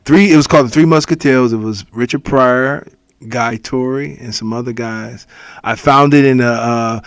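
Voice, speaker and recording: A comedian from the Cleveland area holds the floor on a casual podcast, rambling through stories and dropping into goofy voices. His voice sits at an ordinary middle pitch. The sound is dry and close, with no room echo. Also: normal speed, smooth. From Cleveland area, Ohio. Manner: loose storytelling, breaking into laughter and silly voices.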